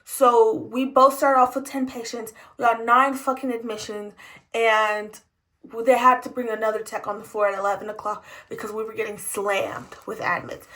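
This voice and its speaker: A young woman rants through a storytime, exasperated and swearing freely. Her voice sits high and sounds bright and sharp. She talks casually, like a hospital tech venting after a shift. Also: little pitch movement, rough recording. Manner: exasperated, profane, fast ranting. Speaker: emergency department tech.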